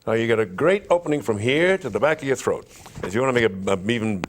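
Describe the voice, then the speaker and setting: Animated man demonstrating voice exercises. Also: mid-range voice, fast, a little hiss or hum. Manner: animated storyteller who demonstrates vocal exercises aloud. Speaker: interview guest, stage performer. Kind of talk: conversational interview.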